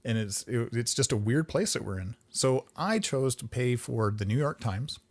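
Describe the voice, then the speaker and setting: A man co-hosts a relaxed podcast conversation at a middle pitch. He is easygoing and drops dry asides. He backs up his co-host with frequent agreeing noises. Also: normal speed. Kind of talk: casual chat.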